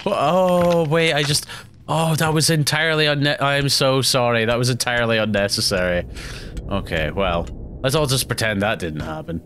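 A young man giving rambling, casual commentary while playing a video game, often jumpy and quick to laugh. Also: mid-range voice, a bit bright, soft background music. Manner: rambling, jumpy, breaks into panicked yelps and laughs. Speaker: let's play gamer.

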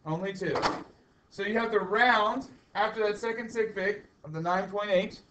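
Chatty high-voiced male teacher. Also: normal speed, noisy background. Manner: chatty and teasing, repeats key points. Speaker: high school chemistry teacher. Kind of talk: classroom lecture. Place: classroom.

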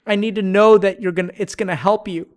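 A man's voice: high voice, steady tone, fast talker. A man streamer giving an earnest, pleading motivational speech with casual swearing. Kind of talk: motivational pep talk on stream.

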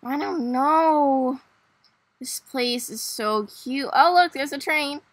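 A woman's voice: high voice, takes it slowly, dry recording. A woman voicing Nicole, a bubbly, adventurous young woman, in a casual game role-play. She gushes and exclaims often. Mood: chatty. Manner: gushing, exclamatory.

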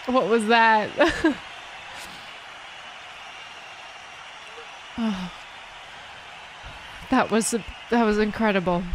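A woman vlogger reacting to music on camera, overwhelmed and emotional, talking in halting bursts with restarts and soft laughs, teary after crying. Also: medium pitch, fairly even intonation, a little hiss or hum. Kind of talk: casual reaction commentary to camera.

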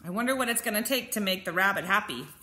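A woman's voice: medium pitch, expressive, fast, bright, forceful tone, reverberant. A woman reading a picture book aloud to children and asking them questions. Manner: patient, asks listeners questions. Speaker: storybook reader.

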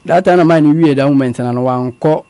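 A man, calmly recounting a personal story as a guest in a conversational interview. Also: a little high, a little fast, dry recording. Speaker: guest telling his story. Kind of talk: conversational testimony.

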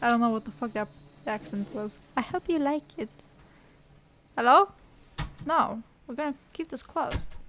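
A young woman with a high voice narrates her run through a horror game. She is jokey and sarcastic, cursing freely as she plays. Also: animated, moderate pace, slight background noise. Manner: swears a lot, jokey and sarcastic. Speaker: let's play gamer. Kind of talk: horror gameplay commentary.

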